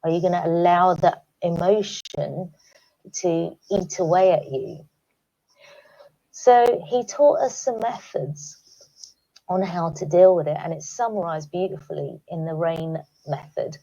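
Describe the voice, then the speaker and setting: A woman speaking calmly to teachers, guiding them through reflective questions in a recorded online talk. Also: fairly low pitch, measured pace, lo-fi sound. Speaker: education speaker. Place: home, recorded remotely.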